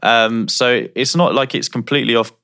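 A man's voice: medium pitch, steady tone, normal speed, vocal fry, sharp tone. A man co-hosting a podcast, musing in casual chat with hesitant restarts. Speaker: podcast co-host.

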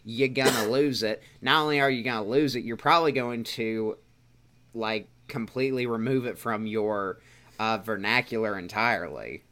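A man's voice: lowish voice, normal speed, sharp tone. A man in casual chat, arguing his opinions firmly as a podcast co-host. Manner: opinionated, argumentative.

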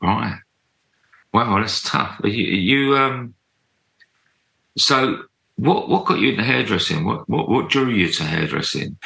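A man's voice: on the low side, expressive, takes it slowly, gravelly, long pauses, echoey room, low-quality recording. A man hosting a podcast who asks rambling, friendly questions and often repeats himself. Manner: warm, rambling, apologetic questions with many repeated yeahs. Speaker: podcast host. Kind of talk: casual interview.

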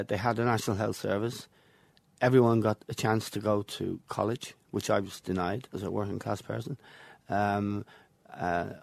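A man's voice: on the low side, vocal fry, dry recording. An older Irish man, a guest in an interview, telling anecdotes from his football past with chuckles between stories. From Ireland. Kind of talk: reminiscing interview.

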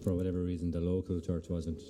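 Low-voiced Irish host from Clare, noisy room. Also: male voice, monotone, quick pace, warm tone. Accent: Irish, County Clare. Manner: chatty, jokey interviewer. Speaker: podcast host. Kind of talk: casual chat.

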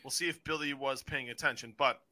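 A man hosting a casual wrestling review podcast, excitable and swearing freely as he acts out his stories. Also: mid-range voice, fairly quick, slight background noise. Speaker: podcast host.

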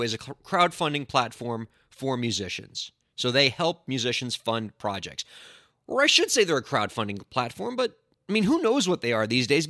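Animated, indignant man hosting a podcast. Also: fairly high pitch, no echo, clean studio sound. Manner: animated, indignant, playful sarcasm. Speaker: podcast host, entertainment lawyer. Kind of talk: solo podcast monologue.

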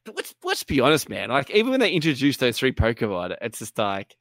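A man in casual gaming chat, animated and swearing often, acting out little voices. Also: mid-range voice, a little fast, no room sound, clean studio sound.

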